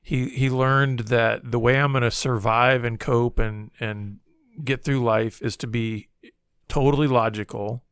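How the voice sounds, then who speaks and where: A man's voice: medium pitch, steady tone, unhurried, a bit bright, clean tone, no echo, clean studio sound. A man co-hosting a podcast, talking casually and reflectively, thinking aloud. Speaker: podcast co-host. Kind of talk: casual conversation on marriage.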